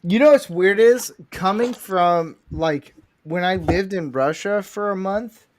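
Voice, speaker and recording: A foul-mouthed livestream host with a high, darkish voice speaks at a measured pace while building a Lego set. His casual, crude chat rambles on, and he calls himself a redneck.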